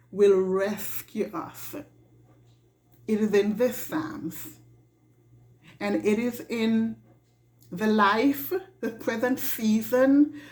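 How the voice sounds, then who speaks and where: A woman giving a devotional reflection in an earnest, halting way, often repeating her words. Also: a little high, darkish tone. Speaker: devotional speaker. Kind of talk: slow reflective devotional talk.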